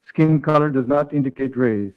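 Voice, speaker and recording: A man reading a third-person story aloud in a flat, read-aloud way as a call partner. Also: medium pitch, moderate pace. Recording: tinny online call audio.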